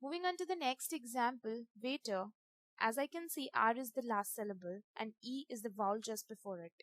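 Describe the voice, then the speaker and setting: A woman, teaching a grammar lesson over slides in a methodical way, spelling out letters and repeating examples slowly. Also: on the high side, dry recording.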